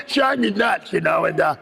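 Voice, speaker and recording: A man's voice: high voice, expressive, normal speed, creaky, sharp tone, breathy edge, soft background music. A man giving a rambling personal recovery share at a meeting, full of "you know what I mean.". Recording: long hall reverb.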